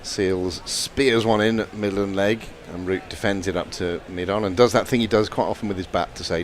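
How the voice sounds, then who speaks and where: Middle-aged male cricket commentator, deep-ish voice, dry wry delivery, faint background noise. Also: fairly even intonation. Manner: dry, wry play-by-play with quick asides.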